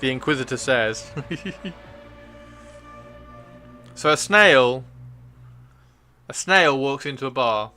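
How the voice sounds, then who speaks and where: Bright-voiced chatty man. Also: medium pitch, animated, slow, pauses often, faint music behind. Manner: chatty, laughing, enthusiastic, repeats words. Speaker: livestream host. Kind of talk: casual livestream chat.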